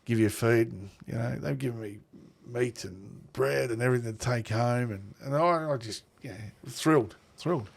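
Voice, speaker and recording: A man's voice: medium pitch, moderate pace, creaky, few pauses, dry recording. A middle-aged Australian man, a football coach, chatting as a podcast guest and telling stories with laughs. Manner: blokey storytelling, laughs often. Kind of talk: casual chat.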